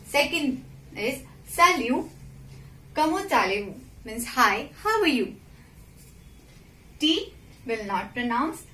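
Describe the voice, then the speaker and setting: A woman teaching a simple French lesson, slow and patient, often checking with the listener. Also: a little high, sharp tone. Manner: slow and patient, repeats and checks with "okay?" and "right?". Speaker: French teacher, channel host. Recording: echoey room with faint background noise.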